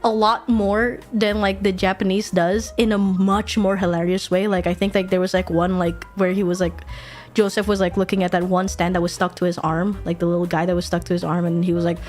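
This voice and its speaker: A woman streamer chatting casually while she draws, animated, swearing freely and laughing often. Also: lowish voice, fairly quick, faint music behind. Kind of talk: casual chat while drawing.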